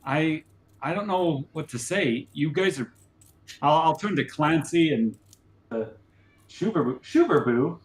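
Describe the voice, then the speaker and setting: A man's voice: a little high, lively intonation, unhurried, reverberant. A man playing a tabletop role-playing game in character, stammering and flustered, with lots of restarts. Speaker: player.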